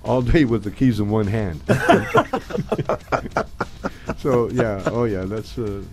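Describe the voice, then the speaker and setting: A man's voice: on the low side, fairly even intonation, slow, over music. Casting: older male comic guest, loose rambling storyteller, chuckles constantly. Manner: rambling anecdotes broken by frequent laughter. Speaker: guest comedian. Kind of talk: casual radio interview chat. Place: radio studio.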